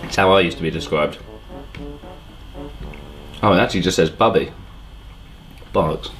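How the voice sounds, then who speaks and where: A man's voice: low-pitched, normal speed, fairly bright tone, faint music behind, low-quality recording. A man hosting a casual vlog, dry and self-mocking, with lots of ums. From England. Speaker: host.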